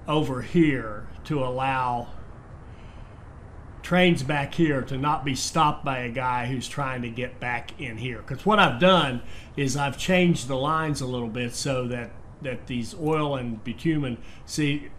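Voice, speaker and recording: A man's voice: mid-range voice, a little hiss or hum. Man rambling through a let's-play. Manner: rambling, thinks aloud with fillers and restarts. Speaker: game commentator. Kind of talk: casual let's-play commentary.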